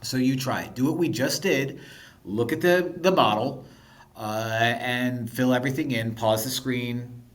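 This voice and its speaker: A man's voice: medium pitch, a little slow. A man teaching a video math lesson, playful and thinking aloud, sometimes dropping to a whisper.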